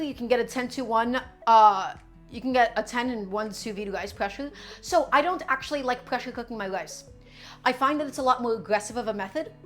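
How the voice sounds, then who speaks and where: Chatty woman cooking on a live stream. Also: fairly high pitch. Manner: chatty, upbeat, answers chat while cooking.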